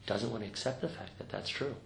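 With a lowish, gravelly voice and a fairly bright tone, a man talks fast as he leads a group in meditation. It's an informal, reflective talk, with many sentences tagged with "right?" The recording is roomy, with faint noise.

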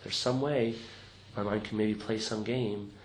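A man's voice: fairly low pitch, fairly even intonation, a little slow. A man teaching meditation to a group in an informal, reflective talk, often checking in with "right?". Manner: reflective, conversational, tags many sentences with "right?". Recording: roomy recording with faint noise.

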